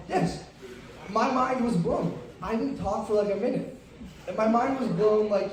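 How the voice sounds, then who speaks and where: A man's voice: high voice, a little mellow. A young man doing a stand-up comedy set on a club stage, rambling and self-deprecating with many fillers. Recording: roomy, distant live club mic.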